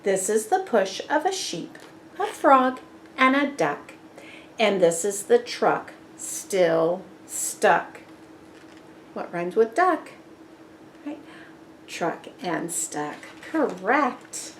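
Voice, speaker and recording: Woman reading to kids, very slow and patient, lively sing-song pitch, quizzes rhymes. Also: slight background noise. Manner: patient, praising, asks questions. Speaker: storybook reader. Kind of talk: children's read-aloud with rhyming quiz.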